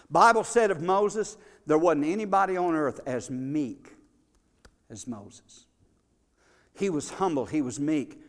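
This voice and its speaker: Animated preaching man in reverberant hall. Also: on the high side, takes it slowly. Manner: animated preaching, swinging between loud bursts and quiet asides. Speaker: pastor. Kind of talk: sermon. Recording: long reverb of a large hall.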